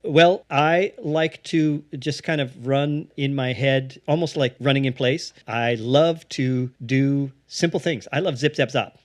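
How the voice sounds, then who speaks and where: A man, an improv theatre founder, explaining his craft in a casual interview and slipping into quick acted-out bits. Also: medium pitch.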